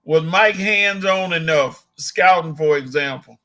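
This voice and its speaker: A man's voice: on the high side, a little slow, pushed and bright. A man hosting a sports talk show who reads out listener questions, joking and moving the talk along. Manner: laid-back, jokes and moves the talk along. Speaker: host reading listener questions.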